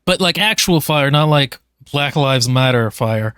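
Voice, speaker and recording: A podcaster with a smooth, clear voice at an ordinary pitch recaps a book plot in a chatty way, playing the characters' lines and swearing casually. The voice sounds dry and close to the mic. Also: animated, unhurried, fairly bright tone, no echo.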